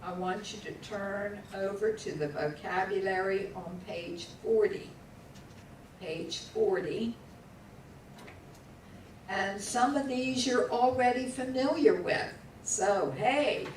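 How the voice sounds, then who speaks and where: A woman teaching a class, patiently drilling words aloud and asking students to repeat them syllable by syllable. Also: medium pitch. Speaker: Hebrew teacher. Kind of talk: classroom lesson. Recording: echoey room, voice from far off, faint background hum.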